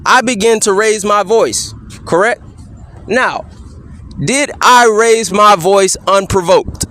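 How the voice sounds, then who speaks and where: A man cross-examining a police officer, firing off measured, insistent leading questions and tagging many with "correct?". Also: high-pitched, bright, forceful tone. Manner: pointed leading questions, repeatedly asking "correct?". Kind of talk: courtroom-style cross-examination.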